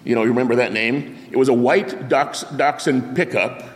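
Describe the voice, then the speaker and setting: An older male preacher of middle pitch, telling a story from the pulpit and bringing it to life with sound effects and quoted voices. His voice carries a long reverb, as if spoken in a big church sanctuary. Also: normal speed. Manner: animated anecdote with sound effects and acted-out quotes. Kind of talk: storytelling sermon. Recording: long reverb of a large hall.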